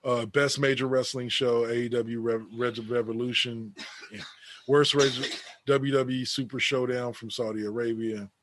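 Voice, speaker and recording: A man's voice: medium pitch, fairly even intonation, normal speed, background noise. A man co-hosting a casual wrestling podcast, reading an awards list aloud with sarcastic asides. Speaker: podcast co-host.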